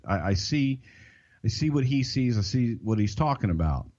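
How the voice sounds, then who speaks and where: An older man with a Southern American accent, co-hosting a podcast and telling behind-the-scenes stories in a folksy, drawn-out way. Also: medium pitch, big pitch swings, a little mellow, highs cut off. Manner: folksy, drawn-out, swears casually. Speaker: podcast co-host. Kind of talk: casual storytelling.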